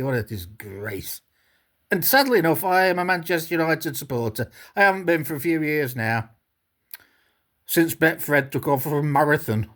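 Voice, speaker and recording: Vlogger, woman, scornful sweary rant with a very lively, swinging pitch. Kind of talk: ranting commentary vlog.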